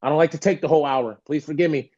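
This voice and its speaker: In this interview, a podcast guest races through an animated story, imitating the voices of the people he quotes. His warm voice sits on the high side, and the recording is dull.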